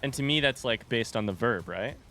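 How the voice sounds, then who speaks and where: A man streaming a video game, chatting casually with a rambling, relaxed manner full of fillers. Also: mid-range voice, fairly quick, soft background music. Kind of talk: casual gameplay chat.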